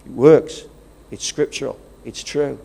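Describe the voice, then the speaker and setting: A man's voice: medium pitch, fairly even intonation, unhurried, vocal fry, dark tone. A man with a regional English accent, preaching a sermon as pastor, rousing and conversational, with calls of praise. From England.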